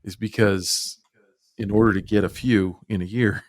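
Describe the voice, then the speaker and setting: Man, podcast host, lower voice, reflective, dry sound. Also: steady tone, normal speed, no echo. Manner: reflective, draws takeaways for students. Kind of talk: casual podcast discussion.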